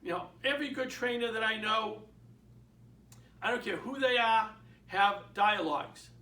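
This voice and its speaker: High-voiced older man teaching, echoey room. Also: normal speed. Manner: animated, acts out phone dialogues. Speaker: real estate trainer. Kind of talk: training talk. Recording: echoey room, mic at a distance.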